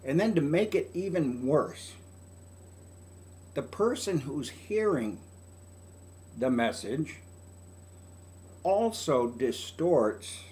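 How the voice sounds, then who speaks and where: A man's voice: a little high, very animated, takes it slowly, long pauses, darkish tone, a little hiss or hum. An older man, a family counselor, talking through parenting advice in a folksy, conversational way. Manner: folksy, conversational, acts out quoted lines. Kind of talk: casual advice talk.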